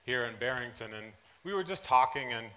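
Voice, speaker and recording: A man preaching a sermon to a church congregation, telling personal anecdotes in an animated way, dropping to soft asides and then rising into loud excited bursts. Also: medium pitch, a little fast, smooth. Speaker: pastor. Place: church service.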